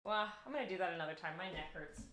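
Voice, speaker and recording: A young woman streamer chatting casually and rambling excitedly while she crafts at home. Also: lowish voice, fast. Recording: roomy room echo.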